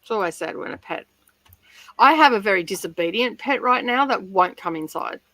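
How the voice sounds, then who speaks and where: A woman's voice: mid-range voice, lively intonation, fairly quick, bright, forceful tone, no echo, low-quality recording. A woman hosting a casual livestream chat from home, chatty and giggly, often rambling. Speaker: livestream host.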